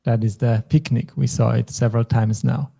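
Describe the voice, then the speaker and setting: A man from German-speaking Europe hosts a language lesson at an even, middle pitch. His tone is mellow and relaxed. He explains each point patiently, step by step. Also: moderate pace, vocal fry, breathy edge. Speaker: language teacher.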